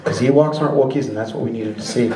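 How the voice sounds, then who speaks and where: A male stand-up comedian doing an animated set in a live club, laughing often and slipping into silly voices. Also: mid-range voice, fast, recorded from a distance. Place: comedy club basement with audience. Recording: roomy live room with crowd.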